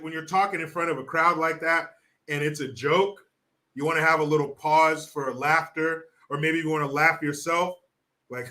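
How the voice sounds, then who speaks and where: A man giving sarcastic political commentary in an animated, mocking way. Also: on the high side. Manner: sarcastic, animated, laughs often.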